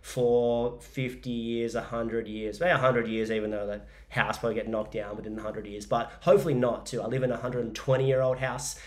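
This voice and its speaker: A man's voice: mid-range voice, little pitch movement, brisk, hardly any pauses. An Australian man in his forties hosting a casual solo podcast, telling stories in a rambling, jokey way with lots of fillers. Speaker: podcast host and business coach.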